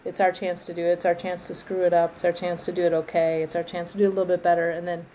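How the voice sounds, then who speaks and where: A woman arborist trainer as an interview guest, explaining in a thoughtful, measured way and often restarting her phrases. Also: fairly low pitch, level tone, warm tone, slight background noise, rough recording. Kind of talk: conversational interview.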